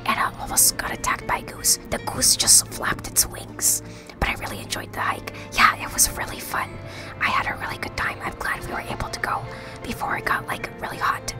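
A woman's voice: a little fast, music in the background, low-quality recording. A young woman streamer in whispered role-play, chatting casually and swearing often into a close microphone.

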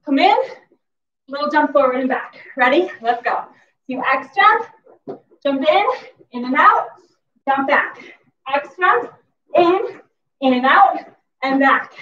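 A woman's voice: high-pitched, animated, slow pace, pauses often, a bit bright. A woman fitness instructor coaching a workout class, out of breath, calling cues and cheering with whoops. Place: exercise facility gym. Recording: echoey gym from far off, dull sound.

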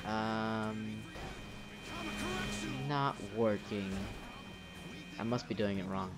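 With his words drawn out, a young man in a low-ish, steady voice narrates his moves in a relaxed let's-play. Game music plays underneath, and he curses at the game whenever things fall apart.

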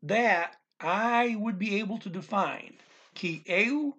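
Man, language teacher, slow, husky, casual explaining, thinks aloud. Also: high-pitched, pushed and bright, dull audio. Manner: thinking aloud, restarts, reads phrases slowly.

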